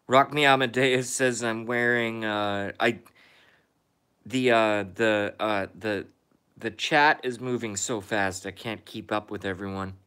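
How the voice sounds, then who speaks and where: A man's voice: lowish voice, fairly even intonation, slow, pushed and bright, clean tone. A man hosting a casual live stream from home, reading viewer comments aloud and answering them.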